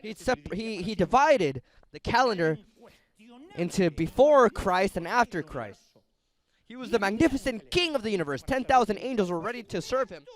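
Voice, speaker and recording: A middle-aged man's high-pitched voice moves at a moderate pace through a sermon. He preaches directly to his audience, telling stories in an animated, chatty manner.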